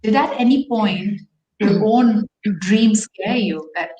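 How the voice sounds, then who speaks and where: A woman's voice: mid-range voice, slow, darkish tone, lo-fi sound. A woman moderating a panel, praising answers and asking guests questions. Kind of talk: live panel discussion. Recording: roomy echo.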